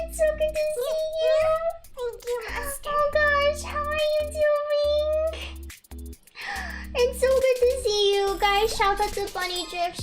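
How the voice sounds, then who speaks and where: A young woman with a high voice tells a long, rambling story to her livestream chat. She is casual and chatty, full of fillers and asides to thank her viewers. Music plays clearly behind her. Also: a bit bright. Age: young adult. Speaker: VTuber streamer.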